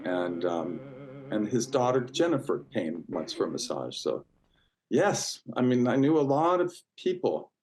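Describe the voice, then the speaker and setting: A man's voice: mid-range voice, sing-song, unhurried, low-quality recording. Chatty man telling old stories. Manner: warm, chatty, full of fillers and restarts, acts out quoted voices. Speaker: interview guest. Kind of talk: casual storytelling interview.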